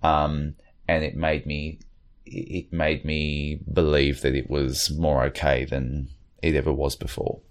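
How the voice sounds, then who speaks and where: A man's voice: extremely low pitch, little pitch movement, slow pace. A middle-aged man talking in an interview, hesitant, with many fillers and restarts. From Australia. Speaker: guest. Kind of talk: reflective interview talk.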